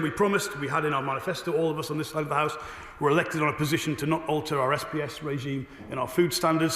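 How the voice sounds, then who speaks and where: A man, a government minister, answering questions in a parliamentary debate with a brisk, assured delivery and a slightly hoarse voice. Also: on the high side, a bit bright. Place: debating chamber. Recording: echoey chamber with long reverb.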